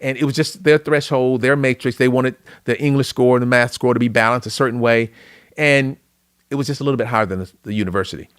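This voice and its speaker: A middle-aged man from Louisiana, a podcast guest, telling an emotional personal story in an earnest, animated way. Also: mid-range voice, fast talker, clean tone, no echo, studio quality. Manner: earnest, tearful at moments, animated retelling.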